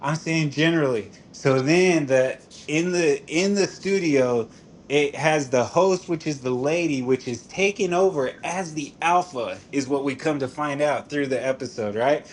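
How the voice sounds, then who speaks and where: A man's voice: a little high, unhurried, slight background noise. A man chatting casually on a stream, telling a long story in a rambling, profane way, saying "dude" a lot and laughing as he talks. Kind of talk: casual chat.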